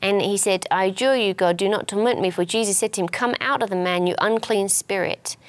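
A woman co-hosts a ministry show and teaches through a Bible passage. Her voice sits in a mid range and her pace is even, and she speaks earnestly, pausing and restarting phrases as she works out each point. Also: medium pitch. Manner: earnest, explanatory, many small restarts. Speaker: minister and co-host.

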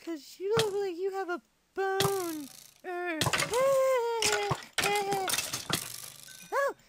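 A squeaky whiny little boy. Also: slow, heavy background noise. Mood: childish. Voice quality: squeaky high-pitched. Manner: whiny, silly rambling play commentary. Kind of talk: comedic game play-along.

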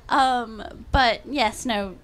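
A woman's voice: fairly high pitch, extremely slow, a little hiss or hum. A young woman author with a mixed British and American accent, answering questions at a bookshop event in a chatty, self-deprecating way with many fillers. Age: young adult. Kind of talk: talk Q&A answers.

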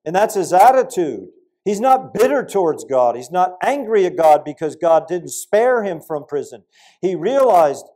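An older man preaching a sermon, telling stories in an animated way with sudden loud peaks and quiet asides. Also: fairly high pitch, normal speed.

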